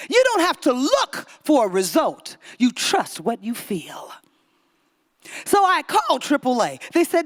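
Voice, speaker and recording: A woman giving a Sunday talk at a spiritual center, telling a story and acting out the voices of the people in it. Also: moderate pace. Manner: animated storytelling, acting out voices with big pitch swings. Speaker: guest speaker.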